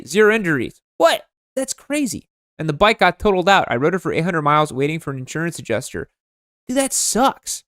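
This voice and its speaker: A young man hosting a comedic livestream, roasting viewers' motorcycles in a sarcastic, mock-exasperated way, his voice jumping high when outraged. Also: fairly bright tone, smooth, no echo, studio quality.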